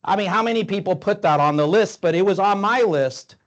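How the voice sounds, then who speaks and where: A man's voice: high voice, brisk, lo-fi sound. A man in his fifties giving a conversational grand-rounds lecture to doctors, with rhetorical questions and some fillers. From Tampa, Florida.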